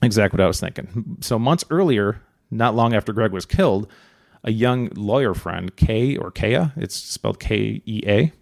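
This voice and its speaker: A man co-hosting a podcast, telling a true-crime story in a relaxed, rambling way with many fillers and joking asides. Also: lowish voice, moderate pace, gravelly, no echo, clean studio sound. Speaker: podcast co-host.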